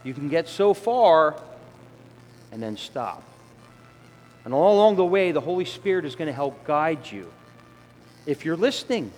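A man's voice: fairly high pitch, expressive, measured pace, pauses often, a little mellow, faint music behind. Male preacher in a reverberant hall. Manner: conversational, acts out voices of sinners and children. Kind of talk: sermon. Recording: long hall reverb, faint ambience.

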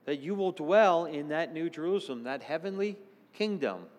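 A man preaching a sermon, earnest, moving between hushed tones and excited exclamations. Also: fairly high pitch, normal speed, big-room sound.

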